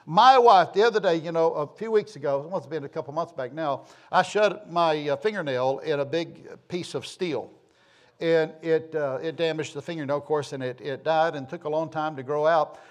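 A middle-aged man from the southern United States tells a rambling, homespun personal story with self-deprecating humor. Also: a little high.

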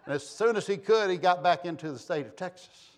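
A man preaching a sermon, impassioned, swinging between soft asides and loud calls to the congregation. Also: sits high, fairly quick. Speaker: pastor.

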